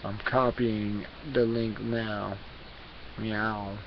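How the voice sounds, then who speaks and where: A man vlogger reading an article aloud, halting and repeating words as he goes. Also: mid-range voice, creaky. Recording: dull lo-fi recording with hiss.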